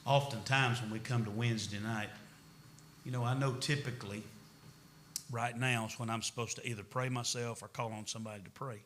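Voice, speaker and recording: A man's voice: medium pitch, fairly even intonation, fairly quick, fairly bright tone, a little hiss or hum. A middle-aged man, a pastor preaching a Wednesday night sermon in a church, folksy and conversational, rising to emphatic preaching. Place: church sanctuary.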